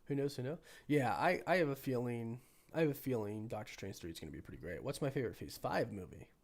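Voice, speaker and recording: A man with a cold, hoarse and sniffly, hosting a casual live stream and chatting with viewers while thinking aloud. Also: mid-range voice, animated, fast. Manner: rambling, thinking aloud with many restarts. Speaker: livestream host.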